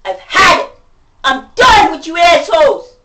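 A woman venting to camera in a profane rant, going from shouting to muttering. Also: very high-pitched, big pitch swings, a little slow, slight background noise. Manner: profane, ranting, swings between shouting and muttering. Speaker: vlogger. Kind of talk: angry venting monologue. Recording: voice distant from the mic.

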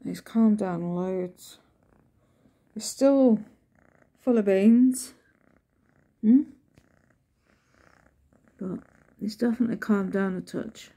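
Slow gravelly woman chatting. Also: medium pitch, warm tone. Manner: chatty, coos in baby talk to the cat. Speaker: vlogger. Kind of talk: casual chat to camera while petting cats. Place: home, indoors.

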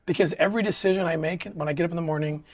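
A man's voice: a little high, steady tone. A middle-aged man talking earnestly in a casual interview, often restarting his sentences. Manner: earnest, halting, with many restarts. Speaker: interview guest. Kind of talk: casual conversation.

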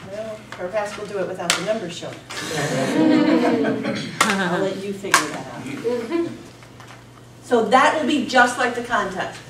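A woman leading an evening practice session, brisk and reassuring as she explains the rules to the group. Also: medium pitch. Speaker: evening's meeting leader. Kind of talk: running a practice seminar. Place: meeting room at a college. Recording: echoey room, distant mic, noisy.

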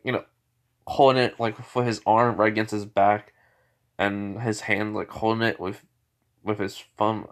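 A man casually retelling a fan-made story, rambling with many fillers and self-corrections. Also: lowish voice.

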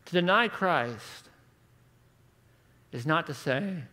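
A man in his thirties preaching a conference sermon with rhetorical questions, moving between hushed and emphatic delivery. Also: a little high, lively intonation, takes it slowly.

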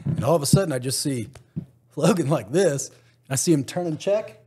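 Husky-voiced man telling war stories. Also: on the high side, normal speed. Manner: animated, acts out other people's lines, laughs often, swears. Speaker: guest, former special forces soldier. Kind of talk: casual storytelling.

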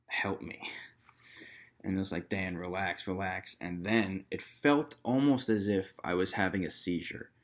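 A man's voice: low-pitched, normal speed, few pauses. A young man casually telling a personal story to camera in a loose, rambling way, full of fillers and quoted dialogue. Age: young adult. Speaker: vlogger.

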